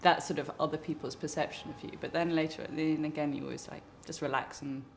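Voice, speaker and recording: A woman with a creaky, gravelly edge to her voice talks in a thoughtful, wandering way. She often restarts her sentences. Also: deep voice, steady tone, quick pace, a little hiss or hum. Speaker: interviewee, artist. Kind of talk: reflective interview talk.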